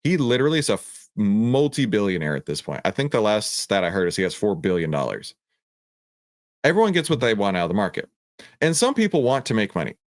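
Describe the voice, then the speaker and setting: In a clean, dry studio recording with no room sound, a middle-aged man of medium pitch runs an energetic trading lesson. As host and educator, he breaks down a stock chart with preachy emphasis, firing off rhetorical questions and repeating himself.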